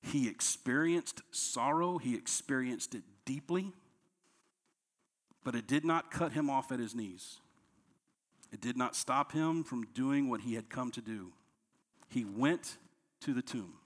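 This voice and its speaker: A man, a pastor, preaching a sermon, dropping to soft, low lines and rising when he acts out quoted complaints. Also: unhurried, pauses often. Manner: preaching with strong swings between soft, low lines and raised, higher quoted outbursts.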